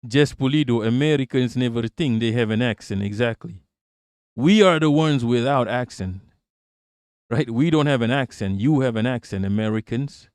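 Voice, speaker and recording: A man hosts a casual livestream, reading viewer chat and replying off the cuff with plenty of swearing. His voice sits at an ordinary middle pitch for a man. The sound is close and dry, with almost no room echo. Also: moderate pace, darkish tone, smooth. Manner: profane, rambling, answers chat off the cuff. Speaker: livestream host.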